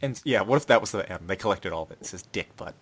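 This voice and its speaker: A man's voice: sits low, lively intonation, very fast, a bit bright, slightly rough. A young man co-hosting a casual podcast, recapping an anime and acting out its characters' lines in shifting voices. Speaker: podcast co-host.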